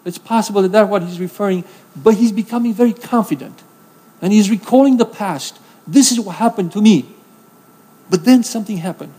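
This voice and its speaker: A man's voice: sits high, a little fast, warm tone, husky, in a large hall. A man preaching a sermon in an earnest, conversational way, from Romania, reading scripture with emphasis and addressing the congregation directly.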